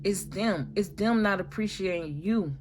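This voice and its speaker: A woman's voice: medium pitch, measured pace, a little mellow, breathy edge. A woman giving a casual tarot reading, talking in a slangy, emphatic way and swearing freely. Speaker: tarot reader.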